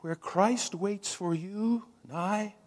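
A male pastor delivering a Christmas-season sermon at an unhurried pace, his voice sitting a little higher than most men's. He swells for emphasis, then sinks to hushed, whispered lines. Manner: slow, dramatic preaching with hushed whispered moments.

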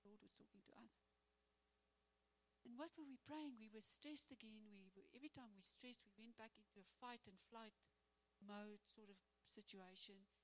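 A woman speaking in church, telling a personal testimony as a sermon with animated storytelling and acted-out prayers. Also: medium pitch, moderate pace, rough recording.

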